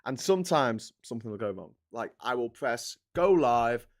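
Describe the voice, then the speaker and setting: A man with a Scouse accent hosting a casual live stream, ranting in an opinionated way with sudden loud outbursts. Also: medium pitch, animated, moderate pace. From England.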